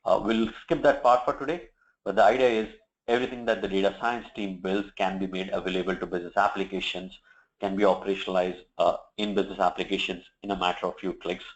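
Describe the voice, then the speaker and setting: A man presenting a software demo, walking through each step in a steady, explanatory way with occasional fillers. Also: low-pitched, fast talker, rough recording. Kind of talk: product demo walkthrough.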